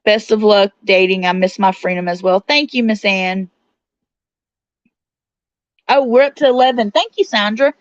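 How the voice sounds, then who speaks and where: A woman's voice: mid-range voice, moderate pace, long pauses, dry recording. Woman, livestream host, casual chat with viewers, dry lo-fi sound. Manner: chatty, reads viewer comments aloud and answers them. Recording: dull, slightly lo-fi sound.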